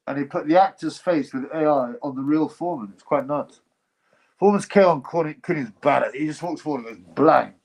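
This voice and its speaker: A man's voice: mid-range voice, darkish tone, poor audio. A man hosting a casual livestream, reading chat comments and giving blunt, rambling opinions. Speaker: livestream host.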